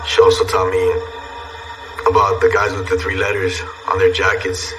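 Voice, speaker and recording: A man speaking in a reflective, measured documentary interview, his voice very low. He sounds set back from the mic, with clear music underneath. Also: completely flat delivery, recorded from a distance, rough recording.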